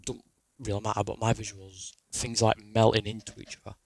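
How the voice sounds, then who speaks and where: A man's voice: fairly low pitch, flat delivery, fairly quick, gravelly, poor audio. A young man, telling a rambling, sweary personal story in a casual way. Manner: rambling, sweary, restarts a lot.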